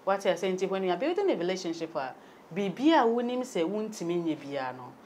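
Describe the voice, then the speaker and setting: A woman's voice: fairly low pitch, big pitch swings, a little fast, a little mellow, a little hiss or hum. A woman with a Ghanaian accent speaking frankly on a podcast panel, mixing English and Twi. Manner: forthright, mixes English and Twi. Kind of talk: casual panel discussion.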